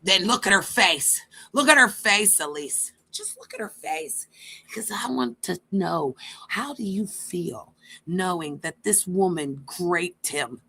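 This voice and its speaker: A woman's voice: on the low side, lively intonation, slow pace, vocal fry, bright, forceful tone, breathy edge. A woman hosting a stream, giving blunt, profane reaction commentary straight to her viewers. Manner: brash, blunt and profane, addresses viewers directly.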